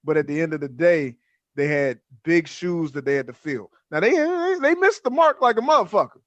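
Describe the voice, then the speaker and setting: A man co-hosting a casual podcast, reviewing a film in an animated, profane way. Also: fairly high pitch, moderate pace, no echo, dull audio. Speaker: podcast co-host.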